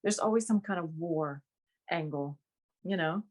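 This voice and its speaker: A woman's voice: lowish voice, a little slow, a little mellow. A woman from Vietnam, an actress being interviewed, talking casually and laughing often, with no accent. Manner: chatty, laughs often between phrases.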